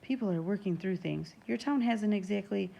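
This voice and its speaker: A woman's voice: mid-range voice, normal speed, vocal fry, warm tone. A woman voicing a flustered male coach. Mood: defensive. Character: defensive male middle school coach.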